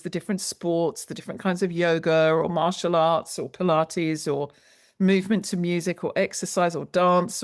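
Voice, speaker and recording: A woman's voice: on the low side, no echo, clean studio sound. A woman guest in an interview, explaining her work in an emphatic, lecturing way and stressing key words. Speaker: guest, movement educator. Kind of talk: interview conversation.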